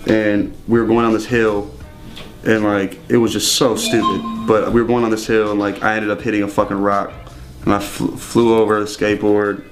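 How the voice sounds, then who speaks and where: A man's voice: fairly low pitch, little pitch movement, normal speed, soft background music. Profane, rambling young man. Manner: profane, rambling, laughs often. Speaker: interview guest. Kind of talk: casual storytelling.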